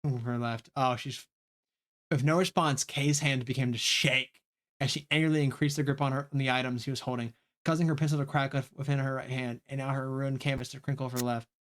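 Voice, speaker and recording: A man's voice: medium pitch, fairly even intonation, brisk, a bit bright. A man streaming a story game live, reading aloud and reacting with frequent swearing.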